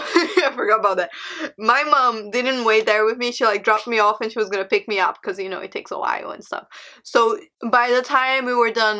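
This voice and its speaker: A woman's voice: mid-range voice, sharp tone. A young woman whose first language is Portuguese, telling a dramatic storytime with frequent laughs and exclamations. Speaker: vlogger. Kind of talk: storytime vlog.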